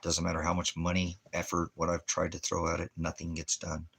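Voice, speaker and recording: A man's voice: sits low, completely flat delivery, brisk, vocal fry, fairly bright tone, slightly rough. A man at home talking bitterly in a casual monologue, then doting on his dog. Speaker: father and dog owner. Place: at home indoors.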